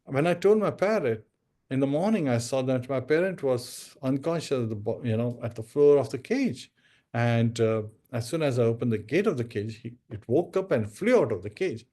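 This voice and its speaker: A man's voice: mid-range voice, expressive, normal speed, warm tone, lightly acted. A man doing earnest young Mohan. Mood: worried.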